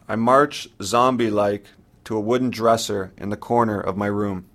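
A man narrating his own story in the first person, in a measured, sombre way. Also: on the low side, fairly even intonation, a bit bright.

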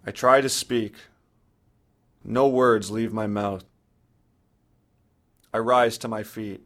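Slow, low-voiced man reading a sombre story. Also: steady tone, fairly bright tone. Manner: measured, sombre present-tense narration. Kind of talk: first-person story reading.

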